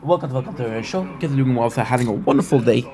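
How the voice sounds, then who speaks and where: A man's voice: medium pitch, very fast, dark tone, slight background noise. A man streaming a game, playfully hyping up his viewers and rambling in a loose, upbeat way. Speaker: gaming streamer. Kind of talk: hyped live-stream intro and gameplay chat.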